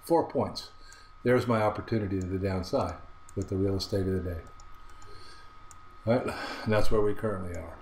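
A man's voice: low voice, moderate pace, long pauses, a little mellow, slight background noise. A man giving a trading lesson over a chart, often checking in with rhetorical questions and repeating his phrases. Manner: repetitive, asks rhetorical "right?" checks. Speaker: trading instructor. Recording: roomy echo.

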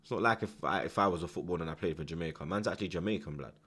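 A man hosting a live football watchalong, reacting loudly to the match with slang and swearing, shouting instructions at the players. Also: low-pitched, rapid-fire, husky. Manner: excitable, shouts at the screen, heavy slang and swearing.

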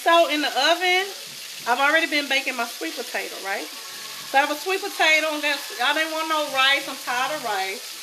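A woman with a Southern US accent chatting excitedly to viewers while she cooks in her home kitchen. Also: sits high, brisk. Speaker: home cooking vlogger. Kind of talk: casual cooking chat to viewers. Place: home kitchen with food sizzling. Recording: noisy kitchen background.

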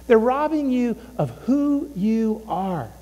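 A man's voice: very high voice, animated, takes it slowly, warm tone, big-room sound, muffled recording. A man preaching a sermon as a pastor, emphatic and repeating his phrases, sometimes voicing inner thoughts.

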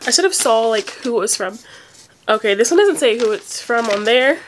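Young woman, high-pitched, unedited phone vlog, teary and rambling, filler-heavy. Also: expressive, normal speed, a little hiss or hum. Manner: rambling, emotional, near tears, many "like" fillers. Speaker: vlogger opening fan mail.

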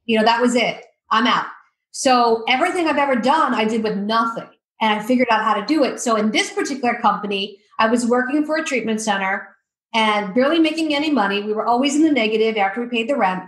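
A woman guest telling lively stories in a podcast interview, acting out the quotes. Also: a little high, fairly quick, reverberant, poor audio. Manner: lively storyteller, acts out quotes. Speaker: guest, addiction coach.

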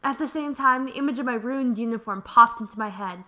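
Bright, high-voiced young woman. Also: a little fast, slight background noise. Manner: animated, laughing, swearing, playful voice acting. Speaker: let's play host. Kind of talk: reading a visual novel aloud with joking asides.

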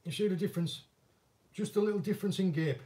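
Man, northern English accent, mellow tone, rambling casual chat, a bit distant from the mic. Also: sits high, quick pace, a little hiss or hum. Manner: chatty, self-deprecating, rambling. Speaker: angling vlogger and former commercial fisherman.

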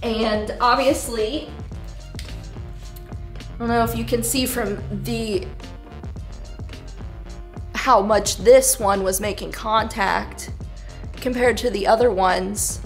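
A woman's voice: a little high, steady tone, slow, long pauses. A woman motorcycle vlogger talking casually and candidly while upset and tearful, swearing now and then. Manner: candid, swears, laughs between lines. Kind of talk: casual vlog chat. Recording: echoey room with faint music.

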